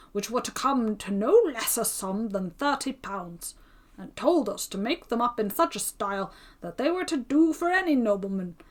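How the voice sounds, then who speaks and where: A woman's voice: fairly high pitch, natural voice. A woman doing a pompous chatty tailor. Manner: chatty, self-important, exclaiming. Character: pompous gossiping male tailor.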